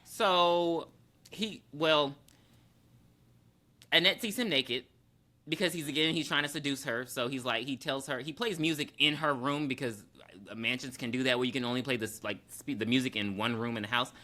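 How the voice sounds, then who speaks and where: A man co-hosting a podcast, retelling a movie plot in casual chat, jumping into quick character voices and laughing often. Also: medium pitch, bright, forceful tone. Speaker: podcast co-host.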